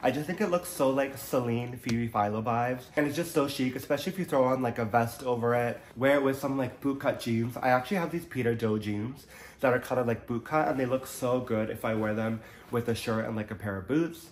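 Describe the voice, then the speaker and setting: A man's voice: medium pitch, a little fast. A young man vlogging about fashion in a casual, chatty way, his voice nasal from allergies and full of "like" fillers. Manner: chatty, many "like" fillers, upbeat. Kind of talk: casual chat to camera. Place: Toronto.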